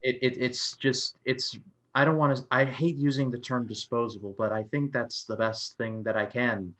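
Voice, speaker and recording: A man's voice: mid-range voice, fairly even intonation, moderate pace, a bit bright. A man co-hosting a film review podcast, chatting casually and stumbling through restarts as he retells scenes.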